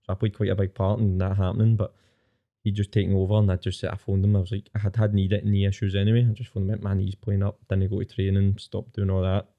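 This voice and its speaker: A Scottish man in his twenties telling his own story candidly as a podcast guest, plain-spoken and rapid. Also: sits low, flat delivery, narrow, tinny audio.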